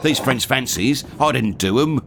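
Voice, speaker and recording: An actor playing a glum, blunt pirate captain who would rather be the ship's cook. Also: male voice, medium pitch, animated, normal speed, gravelly, background noise. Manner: grumbling, blunt.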